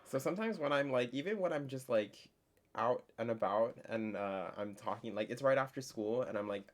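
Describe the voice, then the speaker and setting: A young man teaching a casual online French lesson, chatty and full of fillers, slowing down to spell out words. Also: medium pitch, lively intonation.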